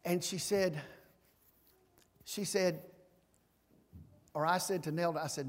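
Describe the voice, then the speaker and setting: A man's voice: on the high side, steady tone, takes it slowly, long pauses. A man, a pastor preaching a folksy, self-deprecating sermon and closing in prayer. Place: large church sanctuary. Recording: long reverb in a large hall.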